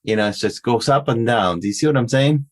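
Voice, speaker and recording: A man with an Argentine Spanish accent, Spanish his first language, co-hosting a podcast in casual chat and talking haltingly with many fillers and restarts. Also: mid-range voice. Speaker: podcast co-host.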